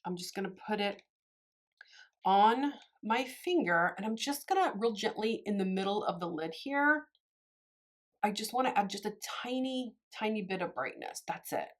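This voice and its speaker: A woman's voice: mid-range voice, big pitch swings, normal speed. Gushing woman beauty vlogger. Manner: gushing, chatty, talks straight to viewers. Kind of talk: casual makeup tutorial chat.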